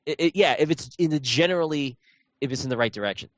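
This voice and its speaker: A man's voice: a little high, fast talker, dry recording, lo-fi sound. A man chatting casually about a video game, rambling with lots of fillers and restarts. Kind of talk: casual chat.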